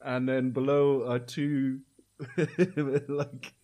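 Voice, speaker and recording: A man from Scotland co-hosting a podcast, speaking in a dry, soft-spoken, understated way. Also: medium pitch, flat delivery, drawn-out words, lo-fi sound. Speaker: podcast co-host. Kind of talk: casual comedic chat.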